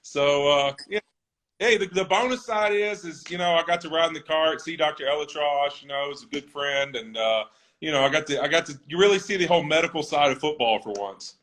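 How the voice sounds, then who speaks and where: A man's voice: on the high side, lively intonation, fairly quick, fairly bright tone. Earnest man telling a story. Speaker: NFL offensive lineman, guest. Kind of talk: conversational interview.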